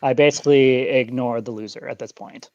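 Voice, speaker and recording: A man's voice: medium pitch, steady tone, a little fast, creaky, darkish tone, dry recording, highs cut off. An American man calling in to a talk show, speaking in a guarded, dismissive, matter-of-fact way. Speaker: guest caller. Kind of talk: casual call-in chat.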